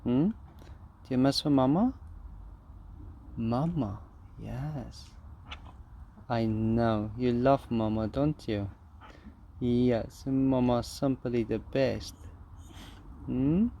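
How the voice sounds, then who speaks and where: A man cooing to his dog in soft, affectionate baby talk. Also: mid-range voice, drawn-out words, long pauses, lo-fi sound, a little hiss or hum. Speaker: dog owner.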